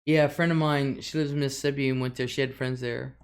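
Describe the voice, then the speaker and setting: A woman's voice: a bass voice, steady tone, quick pace, clear, resonant tone. Chatty woman host. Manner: chatty, laughs often, drawls some words. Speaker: livestream host. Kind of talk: casual livestream chat reading comments.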